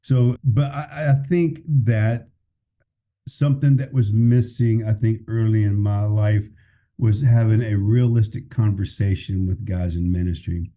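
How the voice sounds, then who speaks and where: A man's voice: on the low side, fairly even intonation, a little slow, dark tone. A man who is a pastor, speaking candidly and plainly in a casual podcast conversation, often restarting his sentences. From California.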